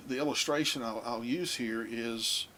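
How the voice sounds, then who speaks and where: A man teaching a lesson, talking in a halting way with many fillers and restarts. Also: mid-range voice, bright, forceful tone, a little hiss or hum. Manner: addresses younger listeners. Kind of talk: lecture on biblical languages.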